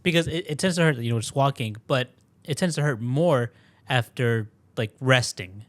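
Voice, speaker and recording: A man's voice: medium pitch, moderate pace, dry recording. A man co-hosting a podcast, talking hesitantly and rambling with lots of fillers. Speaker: podcast co-host. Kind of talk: casual chat.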